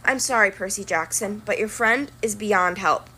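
A woman voicing a stern, commanding young goddess of the hunt in a storybook reading, calm and formal. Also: mid-range voice, normal speed, husky.

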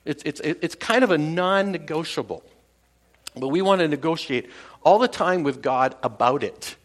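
A pastor delivering a relaxed, conversational sermon, his voice sitting a little high for a man. He stumbles and restarts often and chuckles along with his own jokes. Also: normal speed. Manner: conversational, with many fillers and restarts. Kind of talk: casual sermon.

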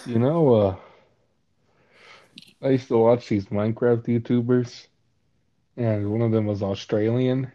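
A man's voice: medium pitch, steady tone, unhurried, long pauses, dark tone. An American man in casual chat, cracking crude, blunt jokes and swearing freely. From United States. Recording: dull lo-fi audio.

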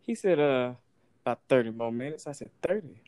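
A man's voice: mid-range voice, fairly quick, clean tone, dry recording. A man, casually telling a story, acting out the people in it and laughing often. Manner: animated, acts out voices in anecdotes, laughs often.

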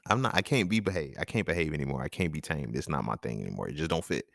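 A young man hosting a casual podcast monologue, talking in an animated, profane way and laughing often. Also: a bass voice, rapid-fire, vocal fry, no room sound, studio quality. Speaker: podcast host.

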